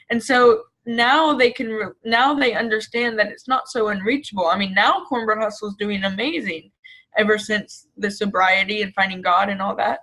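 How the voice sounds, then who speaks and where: A woman's voice: medium pitch, fairly even intonation, normal speed, fairly bright tone, low-quality recording. A woman, an agency founder, speaking candidly in an interview, telling stories frankly with casual swearing. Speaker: guest, staffing agency founder.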